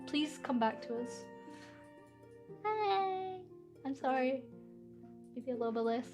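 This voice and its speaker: A young woman chats casually on a stream, reading out comments and giggling. Her voice sits high. Faint music plays underneath. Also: expressive, slow, pauses often. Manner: giggly, bubbly, reads comments aloud. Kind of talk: casual chat reading viewer questions.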